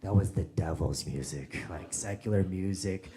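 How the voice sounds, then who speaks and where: A man from the United States doing a stand-up set, telling animated stories and acting out bits with sudden shouts. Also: sits low, normal speed. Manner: animated storyteller, acts out bits and bursts into shouts. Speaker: stand-up comedian. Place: comedy stage with a laughing audience. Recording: noisy live comedy club audio.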